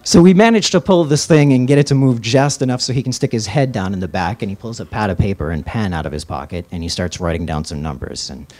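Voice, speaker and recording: Low voiced guy, radio dj, telling a live story, loose and chatty w/ ums. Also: quick pace, hardly any pauses, a little mellow, slight background noise. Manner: casual, rambling, with fillers and restarts.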